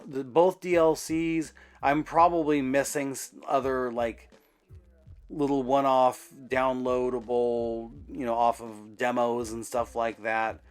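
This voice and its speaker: A man's voice: medium pitch, flat delivery, slow, clean tone. A man hosting his own channel, talking through a casual update in a rambling way, full of ums and self-corrections. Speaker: YouTube channel host.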